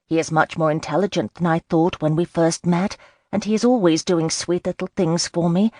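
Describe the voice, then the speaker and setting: A woman narrator plays an earnest young Regency bride with a fairly low, even voice. She speaks frankly and a little defensively. The audiobook sound is dry and close. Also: normal speed, no room sound, close to an everyday voice. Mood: uncertain. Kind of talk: audiobook character voice.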